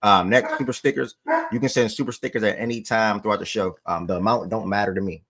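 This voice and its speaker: A man's voice: on the low side, fairly even intonation, fast, fairly bright tone. A man hosting a sports livestream, talking to his chat in loose, slangy casual speech. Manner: loose slangy talk, breaks off to call his dog.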